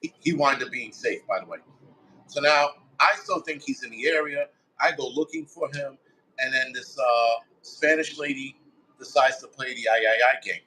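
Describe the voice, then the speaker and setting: A firefighter guest with a mid-range, bright, forceful voice speaks at a moderate pace over poor audio. He tells his story casually and bluntly in the first person, full of profanity, voicing his own thoughts as he quotes them.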